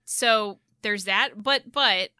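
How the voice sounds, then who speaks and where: A woman YouTuber chatting casually on a gaming podcast, animated and quick to laugh. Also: mid-range voice, clean tone, no room sound, clean studio sound.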